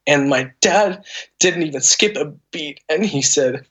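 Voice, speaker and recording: A man's voice: fairly high pitch, a little slow, fairly bright tone, slightly rough. Earnest man telling a personal faith story. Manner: earnest, emotional, frequent restarts and fillers. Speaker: podcast guest. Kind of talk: candid conversational storytelling.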